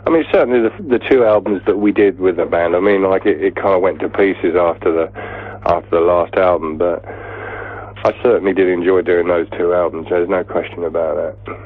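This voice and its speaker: Husky, low English man on a phone line. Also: normal speed. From England. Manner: chatty, rambling, laughs often. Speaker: guest musician. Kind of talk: casual phone interview storytelling.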